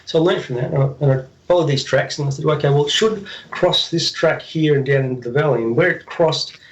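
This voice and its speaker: Guy on a radio show telling his story, all animated, repeats himself, acts out the noises. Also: a little high, a little fast, rough recording. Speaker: guest telling an encounter story. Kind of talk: casual storytelling.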